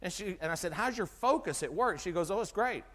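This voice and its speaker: An animated middle-aged man gives a sermon-like health talk and quizzes his listeners as he goes. His voice sits high and swings up and down all the time. The sound carries the long reverb of a hall. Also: fairly quick. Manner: animated, asks the audience questions, acts out dialogue. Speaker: chiropractor giving a health talk.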